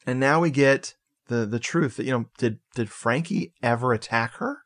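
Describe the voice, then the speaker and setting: Animated man recapping a movie. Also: mid-range voice, normal speed. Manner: animated storytelling, swearing, laughing asides. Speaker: podcast co-host. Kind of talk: casual movie recap chat.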